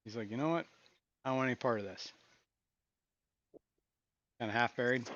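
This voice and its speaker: A man's voice: mid-range voice, moderate pace, a bit bright, no room sound. A man hosts a casual stream from his fish room, talking in a loose, rambling way. He chuckles often and keeps things easygoing. The sound is close and dry, a little muffled and lo-fi. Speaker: aquarium stream host. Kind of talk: casual live-stream chat.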